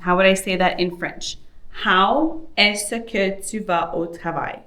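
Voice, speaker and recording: A woman teaching a beginner French lesson, reading example questions and repeating them slowly for learners. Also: medium pitch, fairly bright tone. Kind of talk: slow, deliberate language lesson.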